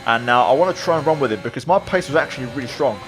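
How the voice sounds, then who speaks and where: A man talking through a replay of his own online race, relaxed and reflective, with many fillers. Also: medium pitch, racing. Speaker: sim racing video creator. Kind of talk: replay commentary voice-over.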